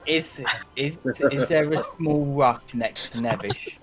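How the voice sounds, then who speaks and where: A man's voice: medium pitch, slow. A man playing in a tabletop game, asking the game master questions and stammering on repeated words. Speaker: player. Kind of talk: casual tabletop game play. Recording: noisy recording.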